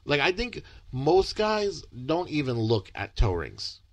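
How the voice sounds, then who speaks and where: A man's voice: on the high side, wildly swooping pitch, slow, dry recording. A young adult man co-hosting a podcast in casual chat, easygoing and wry, swearing lightly now and then. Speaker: podcast co-host.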